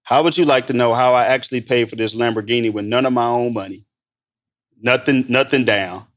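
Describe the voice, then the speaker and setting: A man in casual podcast talk, telling stories with excitement, often saying "bro" and acting out quotes in a higher voice. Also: brisk. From Missouri, United States. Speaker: guest entrepreneur. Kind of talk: animated podcast storytelling.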